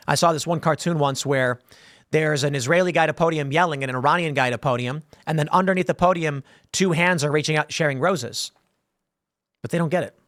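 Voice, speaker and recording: A man's voice: on the high side, fairly bright tone, no echo. Emphatic man with a dry, close sound. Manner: emphatic, rambling, acts out voices in scenarios. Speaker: political commentator host. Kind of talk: opinionated political commentary.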